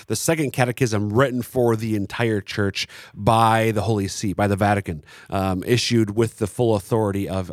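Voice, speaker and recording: A man co-hosting a Catholic teaching talk, explaining in a halting way with many restarts and fillers. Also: on the low side, no room sound, clean studio sound. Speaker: Catholic catechism teacher, co-host.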